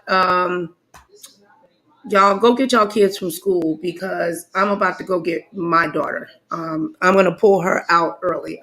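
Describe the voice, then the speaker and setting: A woman's voice: medium pitch, fairly bright tone, low-quality recording. A woman hosting a live stream, shaken and stumbling as she reads breaking news aloud.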